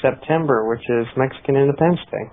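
A man co-commentates on a strategy game, mixing analysis with dry jokes. His voice sits at an ordinary middle pitch. The audio is narrow and tinny, like a phone call. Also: quick pace. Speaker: esports co-caster. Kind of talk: casual live game commentary.

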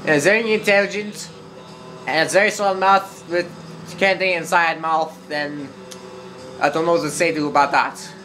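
A man's voice: a little high, steady tone, normal speed, bright, forceful tone, slight background noise. A man casually commentating over gameplay, joking and riffing, sometimes in mock broken English. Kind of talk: casual let's-play commentary.

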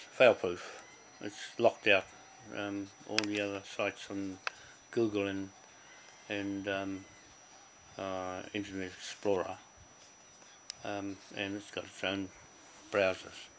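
A man with a lowish voice talks straight to camera, blunt and full of swearing. He circles back over the same words again and again. The recording is noisy, with a clear hiss running underneath. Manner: blunt, profane and repetitive. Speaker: vlogger. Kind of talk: casual to-camera talk.

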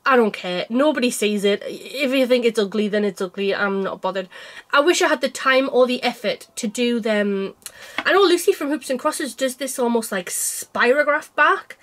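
Chatty high-voiced woman crafter. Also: animated, normal speed, a bit bright. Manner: chatty and self-mocking, laughs often. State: unwell with a cold. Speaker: cross-stitch vlogger. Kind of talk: casual chat to camera.

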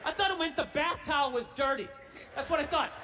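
A man doing a stand-up comedy routine, ranting loudly and shouting his punchlines. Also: very high-pitched, quick pace, recorded from a distance, faint music behind.

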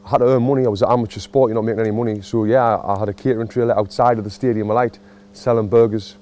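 Chatty Sunderland man, mellow voice. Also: on the low side, fairly even intonation, racing. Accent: Sunderland (Mackem). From Sunderland, England. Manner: emotional, chatty, self-mocking. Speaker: boxing coach and vlogger. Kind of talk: casual vlog talk. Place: outdoors in a football stadium.

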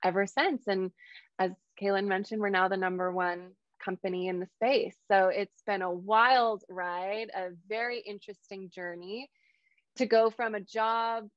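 A woman's voice: mid-range voice, fairly even intonation, measured pace, dry recording, lo-fi sound. A woman in her thirties, a hypnotherapist, telling a personal story as a guest speaker and acting out the lines she quotes. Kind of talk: storytelling talk on a video call.

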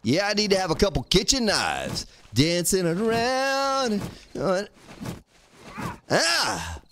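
Animated man streaming gameplay. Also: high voice, measured pace, a little hiss or hum. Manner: talks to himself while crafting, thanks viewers, swears casually. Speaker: game streamer. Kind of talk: live gameplay commentary.

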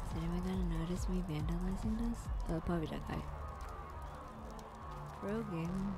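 A woman streaming a game live, excitable and giggly, thinking out loud as she plays. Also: fairly low pitch, moderate pace, over loud music. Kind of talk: live gameplay commentary.

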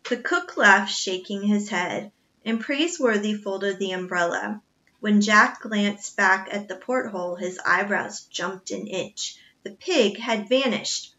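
Bright-voiced woman reading a story aloud. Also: medium pitch, unhurried. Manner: expressive storytelling. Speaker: reader. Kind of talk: reading a children's novel aloud. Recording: dull lo-fi recording.

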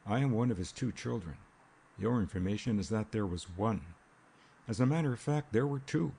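A man voicing a reserved young gentleman in an audiobook, speaking quietly and in a measured way. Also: fairly low pitch, animated, creaky, slightly rough, exaggerated voice. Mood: firm.

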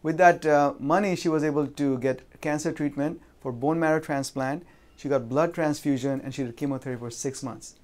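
A man speaking into a stage microphone at a seminar, his voice pitched a touch higher than most men's. He tells a personal story in a loose, conversational way and keeps tagging his sentences with "right?". He often breaks off and restarts with "uh" and "um". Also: a little mellow. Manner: pauses and restarts with fillers. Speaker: seminar speaker on insurance and real estate. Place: lives in Vancouver.

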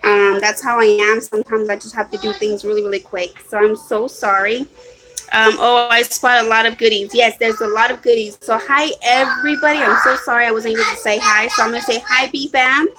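A woman with a bright, slightly high voice chats on a home live stream about her shopping haul. She keeps apologizing and rambles, stopping and restarting her sentences with plenty of ums. It sounds like a phone or webcam mic at home. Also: steady tone, brisk, low-quality recording. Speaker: vlogger. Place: at home, hot room.

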